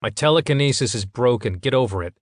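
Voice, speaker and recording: A man's voice: mid-range voice, lively intonation, fast, no echo, clean studio sound, close to an everyday voice. A man reading an audiobook, voicing a bitter, sarcastic young psychic who speaks in a biting way.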